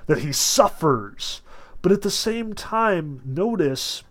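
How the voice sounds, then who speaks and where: A bright-ish, high-sitting male voice, expressive and slow, carries this casual literature lecture. He talks in a chatty way, keeps saying "notice" and "like," and reads novel excerpts out loud.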